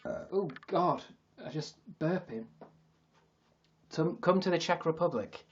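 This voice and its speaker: A man's voice: a little high, animated, measured pace, husky, lo-fi sound. Rambling joking male streamer. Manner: rambling, joking, self-mocking, swears freely. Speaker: livestream host. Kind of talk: casual comedic livestream chat.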